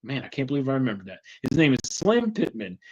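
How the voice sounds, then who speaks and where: A man's voice: mid-range voice, sing-song, fast talker, a little mellow, breathy edge. A man casually retelling a cartoon episode as a show host, chatty and rambling with lots of fillers.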